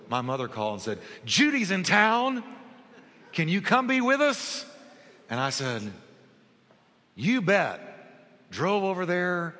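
Preacher guy telling a story in a sermon, slightly high bright voice, big echoey church sound. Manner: storytelling, acts out quoted dialogue. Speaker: pastor.

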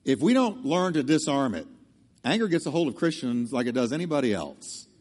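A man's voice: medium pitch, big pitch swings, fairly quick, darkish tone, in a large hall. A male pastor preaching a sermon emphatically, drawing the congregation into call-and-response. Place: church sanctuary.

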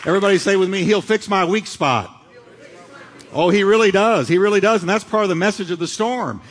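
A middle-aged male pastor preaching a sermon, swinging from loud, dramatic lines to hushed ones. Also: sits high, rapid-fire, a faint crowd. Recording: long hall reverb.

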